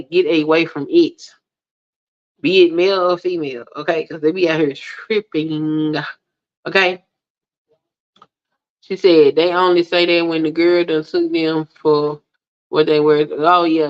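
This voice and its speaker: A woman hosting a livestream, ranting bluntly to her chat and swearing freely, with indignant peaks. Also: fairly low pitch. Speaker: livestream host. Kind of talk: casual ranting monologue to a live chat. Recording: dull lo-fi stream audio.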